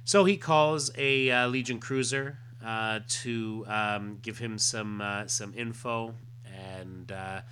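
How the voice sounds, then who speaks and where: A man's voice: lowish voice, fairly even intonation, slow pace, few pauses, a bit bright, slight background noise. A man casually recapping a comic book, rambling with lots of fillers. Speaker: podcast host.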